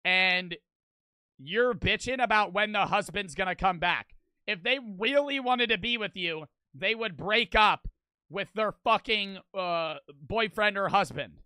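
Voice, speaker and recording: A young man riffing casually on a live stream, profane, blunt and animated as he reacts to a video and reads out donations. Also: sits high, a little slow, clear, resonant tone, no room sound.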